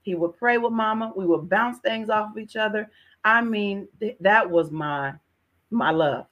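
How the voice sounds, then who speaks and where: A middle-aged woman gives a heartfelt personal testimony, speaking earnestly at a mid-range pitch. She repeats words as she goes and calls her listener "sis" again and again. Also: unhurried, fairly bright tone, highs cut off. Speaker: podcast guest.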